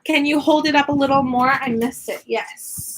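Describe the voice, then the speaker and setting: A young woman, an online English teacher, chatting casually from her home classroom in an animated way. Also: sits high, moderate pace, slight background noise. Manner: animated, switches into playful sing-song teaching voices. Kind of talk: casual chat.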